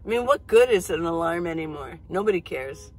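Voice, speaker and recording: Brisk and lively in her intonation, this fairly low-voiced woman is a middle-aged vlogger. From the inside of a minivan, she does a relaxed, meandering coffee-chat video, frequently laughing as she talks, though the audio quality is poor.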